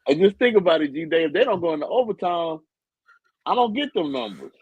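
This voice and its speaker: A man's voice: fairly high pitch, sing-song, a little fast, breathy edge, no echo, phone-quality sound. A man with a Southern US accent co-hosting a casual sports talk show, laid-back and slangy, laughing often.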